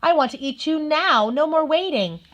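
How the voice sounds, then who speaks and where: A woman's voice: sits high, lively intonation, moderate pace, fairly bright tone, muffled recording, a little hiss or hum, pitched above the performer's own voice. A woman voicing a hungry, impatient little male fox in a storybook read-aloud, whiny and pleading. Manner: whiny, pleading, sobbing at times.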